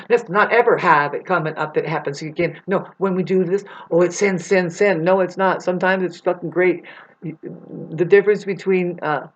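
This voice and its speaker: On a dull, lo-fi recording, a vlogger delivers a meandering spiritual monologue laced with curse words. Her voice is a touch low, and she swings from quiet asides to loud outbursts.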